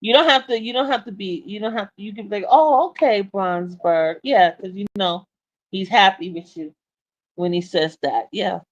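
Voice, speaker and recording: Woman co-host, playful and teasing, mid-pitched, chatty livestream banter. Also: a little fast, fairly bright tone, dull audio. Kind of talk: casual chat.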